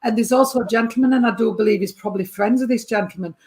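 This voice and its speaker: A woman's voice: on the high side, very fast, creaky. A woman giving a chatty mediumship reading to a sitter. She calls the sitter darling and sweetheart and keeps asking whether they understand. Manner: chatty, warm terms of address, keeps checking with the sitter. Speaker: spiritualist medium.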